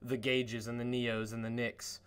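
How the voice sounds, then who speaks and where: A man hosts a casual podcast in a mid-range, level voice, speaking a little slowly with a clean tone. His stories run long and rambling, stuffed with "like" fillers and swearing.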